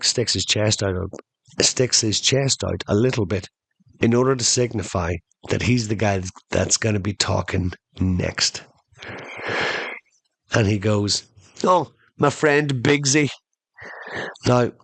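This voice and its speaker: A man hosting a podcast, telling a funny story in an animated way and slowing down for emphasis. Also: fairly low pitch, creaky, dry recording. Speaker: podcast host. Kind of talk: comedic storytelling monologue.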